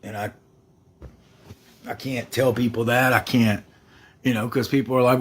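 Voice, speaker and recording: A man's voice: mid-range voice, normal speed, pauses often. A man on a livestream defending himself in an aggrieved, self-justifying way. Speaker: livestreamer being reviewed.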